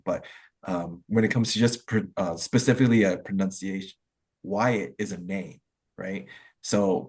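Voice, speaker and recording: A man talks in a casual online discussion, his voice low and a little husky. He explains things loosely and at length, circling back with plenty of "like" and "um" fillers, and sounds like he is on a video call. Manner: rambling, explanatory, heavy use of "like" and "um". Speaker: discussion participant.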